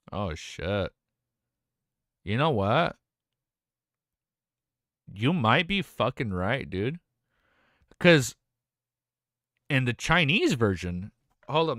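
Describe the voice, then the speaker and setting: A man's voice: medium pitch, fairly bright tone, dry recording, studio quality. A young adult man live-streaming, chatting casually, rambling and swearing as he reads chat aloud.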